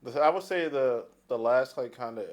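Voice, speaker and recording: Male cop co-host, mid-pitched, agreeable, adds quick remarks in casual chat. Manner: agreeable, chimes in with short additions. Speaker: podcast co-host, police officer.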